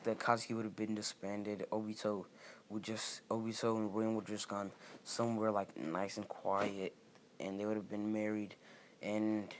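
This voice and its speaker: A young man with a lowish voice rambles through an unscripted story, leaning on fillers and correcting himself as he goes. Faint noise sits under his voice. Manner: rambling, full of "like" and "uh", restarts mid-sentence. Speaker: fan storyteller.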